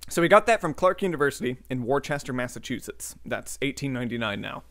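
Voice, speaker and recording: A man's voice: medium pitch, animated, quick pace, fairly bright tone, no room sound, clean studio sound. A man co-hosting a podcast, reading scripted history notes with joking asides and the odd slip of the tongue. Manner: reads notes with joking asides and occasional slips. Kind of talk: scripted history narration mixed with casual chat.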